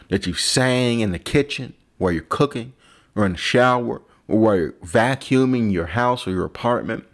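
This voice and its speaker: A man, a vlogger and comedian, drinking and rambling in a profane, self-mocking monologue. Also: fairly low pitch. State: drinking alcohol.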